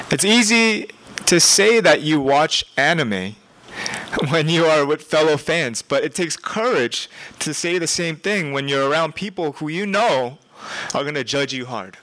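A man's voice: fairly high pitch, low-quality recording. Conversational young male preacher. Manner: conversational, animated, with laughs and emphatic repetition. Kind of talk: sermon.

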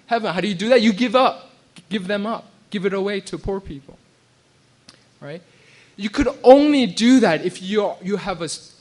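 A man with a high-set voice gives a sermon as a pastor. He talks conversationally, restarting phrases and checking in with his congregation. He now and then acts out quoted voices and laughs. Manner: conversational preaching with frequent restarts and "right?" check-ins.

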